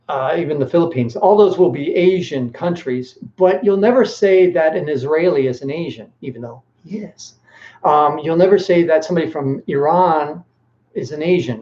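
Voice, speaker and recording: A man hosting a casual live-stream Q&A, rambling and animated, with lots of filler words. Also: a little high, moderate pace. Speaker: host. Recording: echoey room, dull lo-fi sound.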